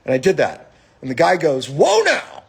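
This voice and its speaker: A man hosting a live stream, telling a story in a profane, animated, casual monologue. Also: medium pitch, a little fast, slightly rough.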